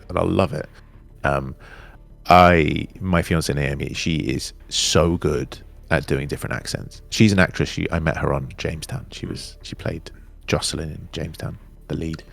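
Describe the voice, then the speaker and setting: Deep gravelly-voiced Englishman with RP accent. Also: moderate pace. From England. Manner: animated, candid, trails off and restarts. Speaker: interview guest, actor. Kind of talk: casual chat.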